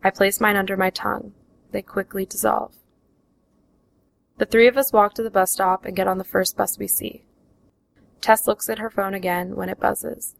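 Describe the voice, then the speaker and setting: A woman reads her first-person memoir aloud at an unhurried, even pace. Her voice carries a gravelly fry, and her pitch barely moves from line to line. It sounds like a steady, plain storytelling read. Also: rough recording.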